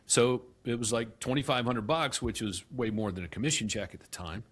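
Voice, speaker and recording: A middle-aged man, a guest in an interview, telling his story with animated acted-out dialogue and frequent restarts. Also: medium pitch, a little fast, slightly rough. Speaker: guest, real estate company CEO.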